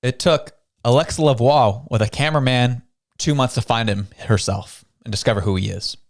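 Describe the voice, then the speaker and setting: A man's voice: mid-range voice, moderate pace. A man from Canada hosting a show, giving casual news commentary in a conversational way, full of rhetorical questions. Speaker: show host.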